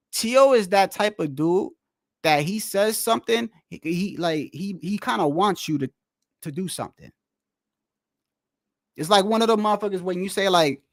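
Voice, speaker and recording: Man, high voice, casual rambling reaction talk, dry close sound. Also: no room sound. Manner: rambling, repeats "bro", restarts often. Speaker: streamer reacting to boxing clips.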